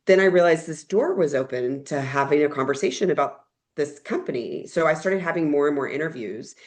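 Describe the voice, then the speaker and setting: A young woman from Texas, a podcast guest, telling animated stories about her life and laughing often. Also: low-pitched, a little fast. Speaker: guest, corporate event planner. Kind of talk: casual storytelling chat.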